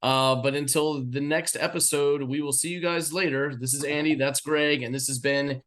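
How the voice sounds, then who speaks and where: A man's voice: fairly high pitch, steady tone, moderate pace, fairly bright tone. A man co-hosting a music reaction show in an easygoing, agreeable way, signing off the episode. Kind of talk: casual chat.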